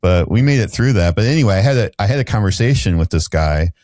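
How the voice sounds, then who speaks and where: A man's voice: lowish voice, lively intonation, quick pace, a little mellow, dry recording, studio quality. A middle-aged man, a podcast guest, telling a candid story in a rambling way with restarts and fillers.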